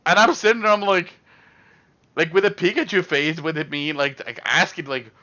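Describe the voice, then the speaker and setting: A man's voice: fairly high pitch, moderate pace, bright, forceful tone, lo-fi sound. A young man telling a rambling story on a live stream, with lots of fillers and acted-out quotes.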